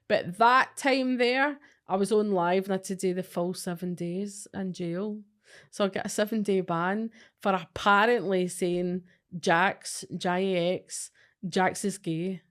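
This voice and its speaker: A woman's voice: medium pitch, fairly even intonation, unhurried. Scottish woman, podcast co-host, swears freely, tells stories bluntly and chattily. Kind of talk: casual chat.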